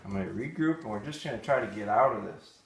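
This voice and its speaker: A man's voice: lowish voice, animated, fast talker, vocal fry. Man giving dog commands, distant and roomy. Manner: short firm commands to a dog between explanations. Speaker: dog trainer. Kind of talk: live training demonstration. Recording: distant mic, roomy echo, faint noise.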